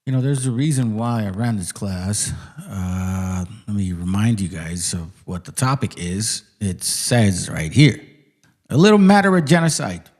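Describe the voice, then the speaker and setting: A man's voice: sits low, a little slow, hardly any pauses, a little mellow. A man hosting a class, giving lecture-style commentary, who calls his listeners friends and reads aloud from his notes. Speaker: host teaching a class.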